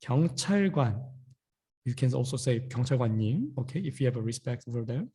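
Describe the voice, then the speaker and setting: A man's voice: medium pitch, very animated, rapid-fire, warm tone, husky. A young man with a Korean accent giving a casual online language lesson, saying each word twice in loose, filler-heavy English. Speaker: Korean teacher.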